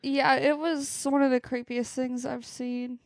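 Young woman co-host, high voice, dry and close, quiet interjections. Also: little pitch movement, a little slow, vocal fry, dry recording. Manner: laughs often, chimes in softly. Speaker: podcast co-host. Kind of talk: casual chat.

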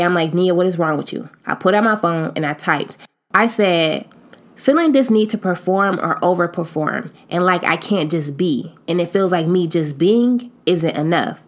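A woman in her late twenties hosting her own podcast, talking to her listeners in a candid, reflective monologue. She speaks emphatically and expressively, in casual slang. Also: on the low side. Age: 20s. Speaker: podcast host.

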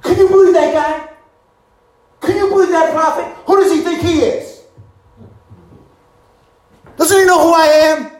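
Proud, furious commander, put on by a preacher, high and loud, indignant questions, echoey room. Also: male voice, fairly even intonation, unhurried, pauses often, far from the mic. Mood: indignant ranting. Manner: indignant, shouting rhetorical questions. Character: proud angry male army commander ranting.

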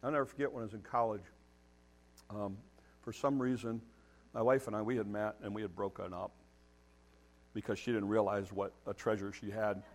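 A man's voice: fairly low pitch, steady tone, normal speed, long pauses. A middle-aged man preaching a sermon, emphatic and direct, challenging his listeners and repeating words as he builds each point. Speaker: pastor.

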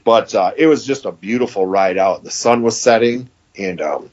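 Speaking at a normal pace in a lowish, slightly mellow voice, a podcast guest tells a long story in a homespun way. He plays out the dialogue and laughs as he goes. The recording sounds dull and lo-fi.

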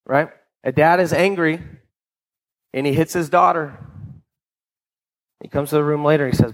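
A man's voice: fairly high pitch, steady tone, normal speed, pauses often, poor audio. A man preaching a sermon in a conversational way, often checking in with his listeners and repeating words as he restarts. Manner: conversational, keeps asking "right?". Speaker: pastor.

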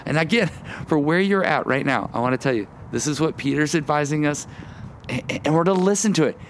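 A man's voice: fairly high pitch, animated, fairly quick. A man preaching a sermon outdoors in the wind, earnest and repeating words as he acts out quoted voices. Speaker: pastor. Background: wind noise.

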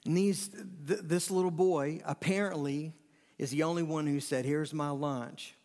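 A man's voice: a little high, normal speed, dark tone. A middle-aged man preaching a sermon, conversational, with emphatic repetitions and sudden rises in energy. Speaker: pastor. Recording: long reverb of a large hall.

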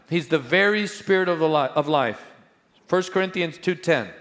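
A middle-aged male pastor preaching a sermon, swinging between loud proclamations and quiet asides. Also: on the high side, animated, normal speed, in a large hall.

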